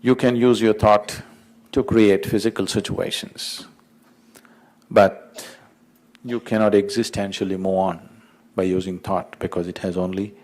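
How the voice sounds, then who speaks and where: A man giving a spiritual talk, speaking in a measured way and driving points home through repetition. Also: on the low side, little pitch movement, a little mellow. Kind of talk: spiritual talk with a told joke.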